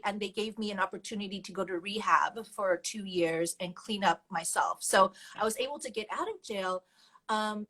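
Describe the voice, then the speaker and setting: A woman's voice: medium pitch, a bit bright, rough recording. A woman guest telling her personal story candidly and animatedly, laughing often as she goes.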